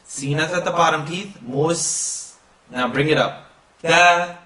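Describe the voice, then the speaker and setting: A man gives a recitation lesson, stretching syllables slowly and half-chanting each phrase. His voice sits a little high and comes from some distance in an echoey room. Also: pushed and bright. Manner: slow drawn-out demonstration of sounds, chanting recitation. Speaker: recitation teacher. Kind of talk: pronunciation lesson.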